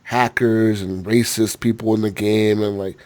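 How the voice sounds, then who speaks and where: A man's voice: lowish voice, flat delivery, normal speed, a little mellow. A man hosting a gaming podcast in casual chat, rambling with lots of filler words, swearing freely and laughing often. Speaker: podcast host.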